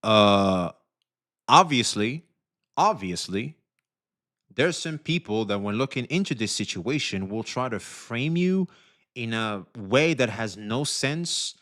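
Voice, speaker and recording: A man live-streaming, who swears a lot and keeps thanking donors in a casual, animated way. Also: medium pitch, slow. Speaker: livestreamer.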